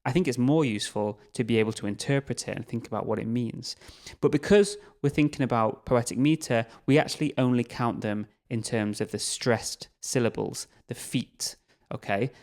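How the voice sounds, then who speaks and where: A man's voice: mid-range voice, moderate pace, a little mellow. Patient male literature teacher explaining. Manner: patient, explanatory, slightly tentative. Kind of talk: recorded poetry lesson.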